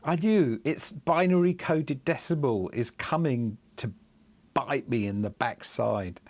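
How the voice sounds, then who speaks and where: This middle-aged live coder has a mid-range, slightly mellow voice and takes things slowly. Chatting casually on stream, he rambles, chuckles, fills and restarts, grumbling in exasperation as he works through bugs.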